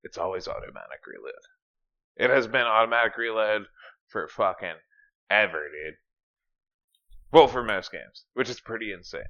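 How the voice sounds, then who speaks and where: This podcast co-host has a fairly low, gravelly voice and speaks at normal speed with long pauses. His casual chat is energetic, profane, and packed with fillers, captured on a dull lo-fi mic.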